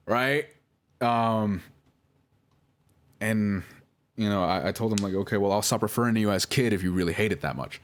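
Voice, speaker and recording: A man's voice: lowish voice, moderate pace, pauses often. A young man nervously talking through old chat messages, rambling with many fillers and restarts and apologizing over and over. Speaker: video creator reading out chats.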